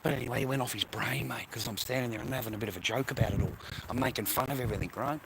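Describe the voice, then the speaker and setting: A man's voice: medium pitch, racing, creaky, heavy background noise. A middle-aged Australian man vlogging in a profane, rambling, blokey way and laughing often. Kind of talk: casual rambling monologue.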